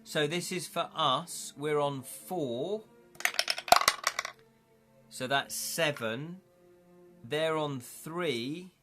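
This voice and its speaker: A man's voice: fairly high pitch, drawn-out words, long pauses, loud music behind the voice. A man chatting casually on a live stream as he plays through a gamebook, thinking aloud and correcting himself as he counts up dice rolls.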